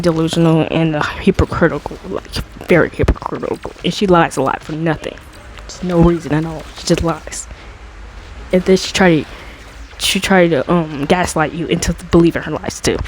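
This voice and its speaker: A woman telling a personal story in a casual storytime monologue, rambling with many fillers and restarts, and climbing higher as she relives the dramatic parts. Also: a little hiss or hum, rough recording. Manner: gets high and excited when retelling dramatic moments. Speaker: storytime vlogger.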